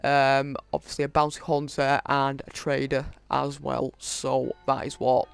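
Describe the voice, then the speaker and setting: A man hosting a gaming video, casually reading through a list of in-game items with many halting fillers. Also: mid-range voice, little pitch movement, creaky, clear, resonant tone, no room sound, soft background music. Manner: reads off item lists, halting with frequent fillers. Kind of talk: casual game walkthrough commentary.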